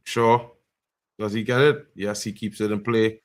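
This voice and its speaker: A man reacts live to a football match on a fan stream. He talks in loose slang and keeps up a running call of the play. At big chances his voice jumps into loud, high yells. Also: steady tone, a little slow. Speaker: fan livestream host.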